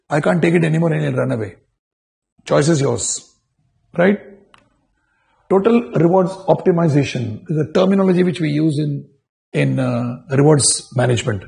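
A man's voice: a little high, vocal fry, mellow. A male corporate trainer, giving a training lecture full of rhetorical questions and restarts.

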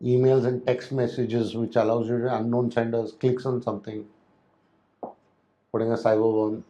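A man's voice: mid-range voice, flat delivery, normal speed, dark tone, muffled recording. A man giving a spoken lecture on hotel safety and security, talking loosely with frequent restarts and fillers. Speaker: hospitality security instructor.

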